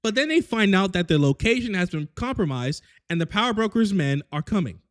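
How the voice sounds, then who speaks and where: Animated high-voiced man recapping comedically. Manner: crude slang-heavy storytelling, voices characters in quick asides. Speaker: recap host.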